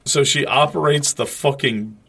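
A man in a relaxed movie-commentary chat, sarcastic and loose-tongued, with plenty of swearing. His pitch sits in a middling range. He riffs on scenes and tosses out quick jokes. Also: vocal fry, husky. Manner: profane, sarcastic, animated riffing. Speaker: podcast co-host.

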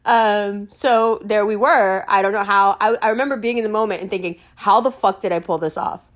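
A woman's voice: mid-range voice, a little fast. Young new york woman spilling a wild night story, laughs a ton, says like constantly, swears. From New York City. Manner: animated, laughs often, fillers like "like" and "um", swears freely. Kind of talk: casual storytelling.

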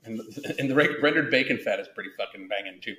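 A man's voice: on the low side, expressive, fast, bright, forceful tone, reverberant. A man hosting a casual podcast, blunt and profane, rambling with frequent restarts. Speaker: podcast host.

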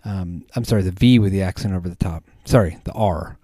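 A man's voice: sits low, brisk, mellow, breathy edge, dry recording. A man hosting a podcast, chatting casually in a rambling way with many ums and restarts. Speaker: podcast host. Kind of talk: casual chat.

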